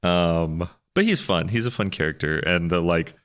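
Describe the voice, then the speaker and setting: A man co-hosting a podcast, chatting casually about a movie, rambling and restarting with sudden animated jumps in pitch. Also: moderate pace, clean tone. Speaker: podcast co-host. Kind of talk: casual movie review chat.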